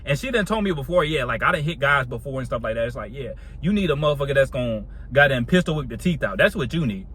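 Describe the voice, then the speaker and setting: A man's voice: medium pitch, expressive, fast talker, hardly any pauses, fairly bright tone, slight background noise. A young man telling a casual storytime monologue in a slangy, laid-back way, laughing often.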